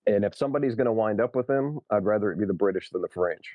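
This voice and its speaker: Brief: a tabletop player, man, low voice, dry lo-fi mic. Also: very fast, dry recording. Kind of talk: casual tabletop play.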